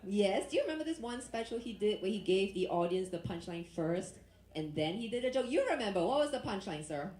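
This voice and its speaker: A woman's voice: medium pitch, big pitch swings, brisk, darkish tone. Brash teasing woman stand-up comic. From Asia. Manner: brash, teasing, works the crowd. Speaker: stand-up comedian. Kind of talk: stand-up set. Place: comedy club stage. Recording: roomy club sound.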